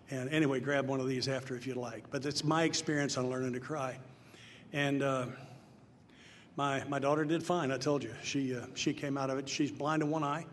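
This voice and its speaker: A man's voice: a little high, steady tone, fairly quick. Older man, earnest testimony, long hall reverb, faint background hiss. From Nashville, Tennessee. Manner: earnest storyteller, rising to loud emphatic punches. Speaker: speaker at a recovery meeting. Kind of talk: personal testimony talk. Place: large hall before an audience.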